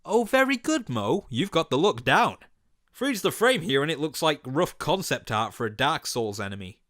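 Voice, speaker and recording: A male reviewer rants through a cartoon in comedic commentary, sarcastic and incredulous, with plenty of swearing. His voice sits slightly high. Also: sing-song, moderate pace, fairly bright tone.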